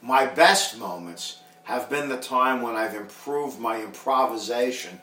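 A man's voice: medium pitch, unhurried, bright, forceful tone, recorded from a distance, a little hiss or hum. A blunt, opinionated man speaks in a casual podcast chat, often stumbling and repeating words before he lands his point. He sits away from the mic, and the room around him rings with echo. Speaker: podcast guest.

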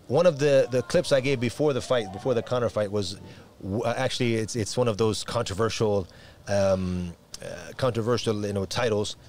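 A man from America, an imam, chatting quickly and animatedly, full of restarts and Arabic phrases. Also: lowish voice, darkish tone, slight background noise. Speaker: imam and preacher. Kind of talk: casual podcast conversation.

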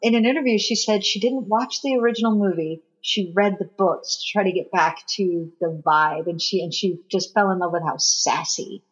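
A woman co-hosting a casual film podcast, gushing and animated, acting out lines as she talks. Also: medium pitch, moderate pace, few pauses. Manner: gushing, animated, acts out quotes. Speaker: podcast co-host. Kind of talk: casual film discussion chat. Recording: dull lo-fi sound.

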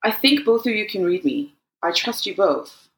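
A woman voicing a candid young man who speaks haltingly and hesitantly. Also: mid-range voice, sing-song, vocal fry, reverberant.

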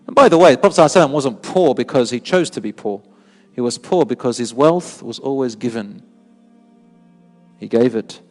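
A man giving an animated sermon who repeats words for emphasis and mixes in Arabic phrases. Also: medium pitch, fairly quick, big-room sound, faint music behind. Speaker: Islamic preacher. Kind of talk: sermon with storytelling.

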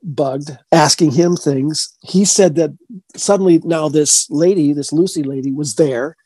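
Man, ghost-hunter guest; mellow husky voice, rambling, restarts a lot, dry close mic. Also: on the high side, no room sound. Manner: rambling, halting, with frequent restarts. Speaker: paranormal investigator. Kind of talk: casual storytelling interview.

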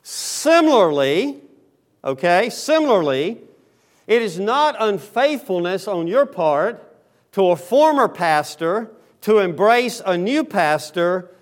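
A man in his sixties with a high, light voice and a Southern drawl preaches a sermon as a visiting pastor. He talks in a folksy, storytelling way, pausing often on ums and uhs. His words are a little muffled by the face mask he wears. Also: sing-song. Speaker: guest pastor. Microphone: speaking through a face mask.

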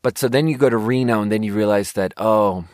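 A podcast host reviewing sparkling water talks fairly quickly in a low, slightly mellow voice, recorded with clean, echo-free studio sound. The young man's casual monologue rambles through jokey stories, with plenty of swearing.

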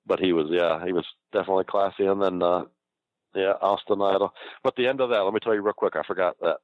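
A man's voice: sits low, steady tone, fast talker, no echo. An older man telling rambling, profane stories from his wrestling career in a casual chat, laughing often. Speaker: guest recounting wrestling career. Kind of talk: casual storytelling. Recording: dull lo-fi dry recording.

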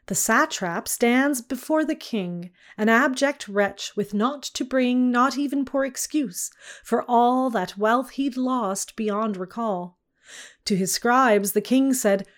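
A woman reading a narrative poem aloud in measured archaic verse. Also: fairly high pitch. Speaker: reader.

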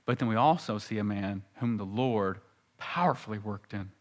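A man preaching a sermon as pastor, teaching earnestly and slowing down to recite scripture. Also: lowish voice.

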